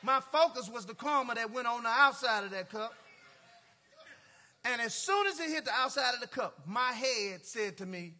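A male pastor with a very high, bright and piercing voice preaches in a lively, storytelling way. He laughs often and throws casual asides to his congregation. His speech is loose and colloquial, full of "y'all" and "ain't". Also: moderate pace. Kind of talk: storytelling sermon.

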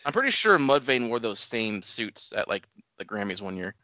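Chill guy chiming in w short casual comments, bright voice, dry kinda dull sound. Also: lowish voice, sing-song, normal speed, no echo. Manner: laid-back, short interjections, swears casually. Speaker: podcast co-host. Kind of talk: casual chat.

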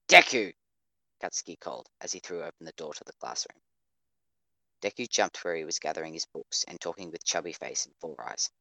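A man narrates an audio drama in a measured, steady way, his voice sitting very low. The recording is dry, with no room sound around him. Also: no echo. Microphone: home microphone over voice chat.

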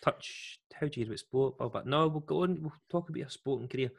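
This is a Scottish man spinning a story in a loose podcast chat. He is animated and full of slang, and he drops into the voices of the people in his story. His voice sits in an ordinary middle range. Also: medium pitch, brisk, creaky, husky. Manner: lively storyteller, slangy, acts out quotes. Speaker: guest telling a story.

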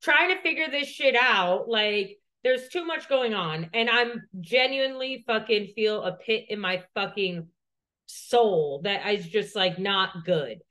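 A woman's voice: medium pitch, expressive, measured pace, a bit bright. A woman co-hosting a podcast, telling a personal story in a rambling, profane way, full of "like". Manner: profane, rambling, heavy use of "like". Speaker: podcast co-host.

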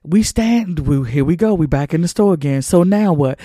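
A man's voice: fairly high pitch, lively intonation, normal speed, dark tone, no room sound, studio quality. A man hosting a podcast, preaching a monologue in an emphatic, colloquial, repetitive cadence. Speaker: podcast host.

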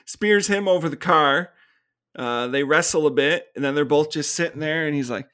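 In a casual film review chat, this podcast co-host recounts a movie's plot, voicing the characters' lines and laughing often. He speaks at a normal speed in a high-ish, bright, forceful voice.

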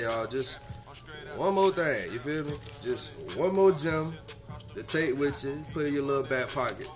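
A man hosts his own podcast in a casual solo monologue, with music playing in the background. His voice is medium-pitched and unhurried. He talks in a laid-back, slang-heavy way and presses his advice home with emphasis.

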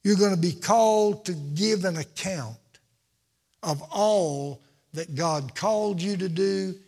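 A man's voice: high voice, slow, a little mellow, husky, long reverb tail. A man preaching a sermon from the pulpit, with an emphatic, repetitive cadence. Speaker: pastor.

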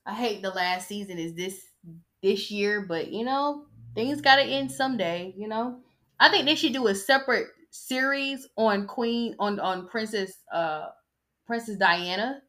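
A woman's voice: mid-range voice, animated, a little slow, a bit bright. A woman hosting a podcast in a casual, sassy style, chatting and mocking as she reads an article aloud. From United States. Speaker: podcast host.

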